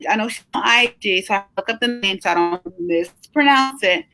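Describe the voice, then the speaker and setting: A middle-aged woman who owns a travel agency hosts a casual live chat, chatty, animated and encouraging, drawing out words for emphasis, though she sounds tired. Her voice is mid-range, with soft background music.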